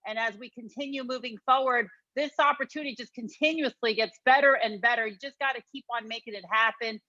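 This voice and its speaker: Bright-voiced woman on a dry video call. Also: a little high, fast, no room sound, dull audio. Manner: earnest, thankful, with fillers. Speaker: business leader speaking to team. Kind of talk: motivational remarks.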